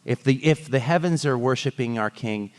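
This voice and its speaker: A male pastor giving a sermon at a church service, at a mid-range pitch typical for a man. He speaks in a conversational, self-interrupting way, breaking up serious points with light jokes. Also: moderate pace, clear, resonant tone. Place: church service before singing congregation.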